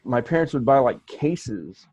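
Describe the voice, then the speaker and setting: A man's voice: medium pitch, animated, unhurried, darkish tone, slightly rough, dry recording, highs cut off. A man co-hosting a podcast, telling rambling anecdotes in casual chat with frequent restarts. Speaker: podcast co-host.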